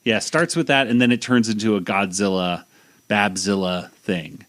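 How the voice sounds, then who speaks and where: A man's voice: lowish voice, moderate pace, a bit bright. A man hosting a podcast, casually recapping a cartoon episode in a rambling way with lots of fillers and restarts. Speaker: podcast host.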